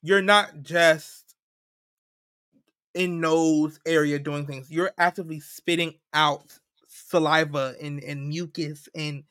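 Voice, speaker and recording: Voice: medium pitch, fairly even intonation, slow, a bit bright, no echo, studio quality. A podcast co-host in casual chat, making an emphatic point step by step.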